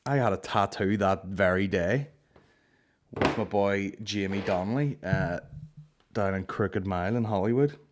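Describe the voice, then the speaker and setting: A young Northern Irish man hosts a podcast, speaking in a lowish voice at a measured pace against a noisy background. His chat is casual and rambling, full of fillers, and he swears freely as he tells his stories.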